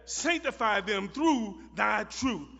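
A man preaching a sermon who repeats phrases for emphasis and builds up to shouted, chanted lines. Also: high-pitched, animated, slow, gravelly. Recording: muffled recording in a reverberant hall.

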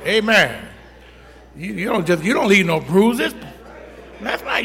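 A man's voice: high voice, sing-song, a little slow, long pauses, fairly bright tone, long reverb tail. A middle-aged man preaching a sermon, telling folksy stories and calling for amens from the congregation. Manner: storytelling, folksy, call-and-response. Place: church.

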